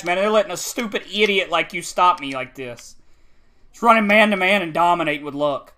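A man giving raging gameplay commentary, ranting furiously, yelling insults and repeating himself. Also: high-pitched, expressive, moderate pace. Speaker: video game streamer.

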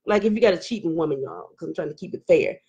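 Speaking very fast in a lowish voice, a middle-aged woman hosts a laid-back live stream and reads out viewer comments. She's animated, laughing, prone to emotional outbursts, and uses Southern Black vernacular phrasing, though the audio sounds dull.

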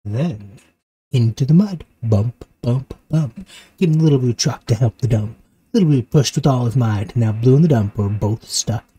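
A man reading a rhyming picture book aloud to his child in a rhythmic, expressive way. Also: medium pitch, moderate pace, slightly rough. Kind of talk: storybook read-aloud.

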